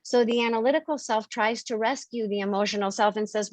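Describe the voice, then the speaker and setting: A woman's voice: a little high, fairly even intonation, a little fast, a little mellow, dry recording. A woman hosting a spiritual members' call on video, explaining earnestly and acting out examples.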